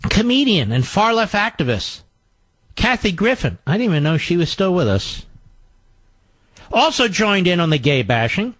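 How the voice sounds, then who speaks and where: Sarcastic man with a lively voice. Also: high voice, normal speed, no room sound. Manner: sarcastic, combative, mocking asides. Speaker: talk show host. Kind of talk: political commentary monologue.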